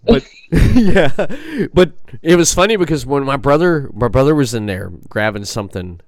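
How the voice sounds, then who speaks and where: A man hosts a podcast, laughing often as he tells rambling stories in casual conversation. His mid-range voice swings widely in pitch at a moderate pace. The sound is clean, studio-quality, with no room sound.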